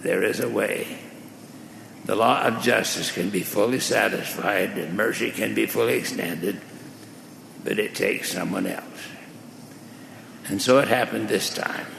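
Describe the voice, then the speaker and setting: A male preacher telling a parable in a measured, deliberate sermon, recorded in a large hall. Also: lowish voice, gravelly, a bit bright, a little hiss or hum. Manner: slow, measured, deliberate storytelling. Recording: echoey hall with faint ambience.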